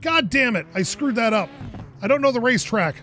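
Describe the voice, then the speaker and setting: A man with a high voice that swings widely in pitch, commentating his own gameplay. He talks to himself and swears when a moment goes wrong. Faint game sounds sit behind him. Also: brisk, slight background noise. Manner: animated, self-talking, swearing when frustrated. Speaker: gaming channel host. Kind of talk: let's play commentary.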